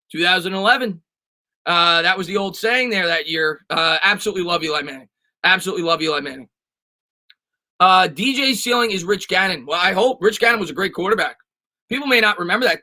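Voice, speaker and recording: A man with a high, bright voice hosts a casual sports live stream and answers viewer comments. He talks emphatically and often restarts or repeats himself. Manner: fast and emphatic, with frequent restarts and repetitions.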